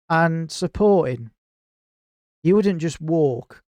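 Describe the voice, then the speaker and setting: Animated, swearing man, crisp voice. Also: fairly high pitch, takes it slowly, no room sound. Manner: animated, heavy swearing, acts out others' lines. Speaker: podcast guest, gaming clan founder. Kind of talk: casual podcast storytelling.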